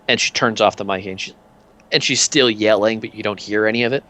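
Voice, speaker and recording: A man's voice: on the low side, a little fast, sharp tone. A man narrating as game master in a tabletop game, in a loose, filler-heavy way.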